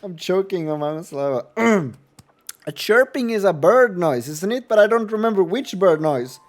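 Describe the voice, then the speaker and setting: A man's voice: high-pitched, lively intonation, normal speed, slight background noise. Crude, squealing male game streamer. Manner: crude, swears freely, silly bird-like squeals. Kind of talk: casual game playthrough commentary.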